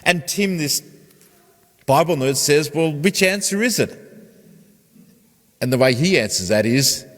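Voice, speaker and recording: A man's voice: on the high side, lively intonation, measured pace, pauses often, a bit bright. A man, a pastor preaching a conversational sermon and putting questions to his congregation. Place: church. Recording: long church reverb.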